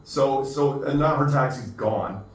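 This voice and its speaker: A man's voice: mid-range voice, a little slow. Profane storytelling man in echoey room. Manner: profane, rambling anecdote with acted quotes. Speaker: podcast co-host. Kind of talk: casual storytelling chat. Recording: echoey room, distant mic, faint noise.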